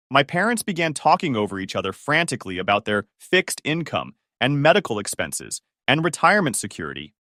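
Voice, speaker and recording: Man narrating stories, animated delivery. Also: mid-range voice, dry recording, studio quality. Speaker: story narrator. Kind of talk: scripted story narration.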